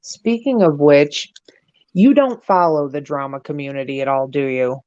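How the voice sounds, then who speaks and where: A woman's voice: low voice, moderate pace, a little mellow, highs cut off. A young adult woman co-hosting a casual chat podcast, talking bluntly and swearing freely. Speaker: podcast co-host.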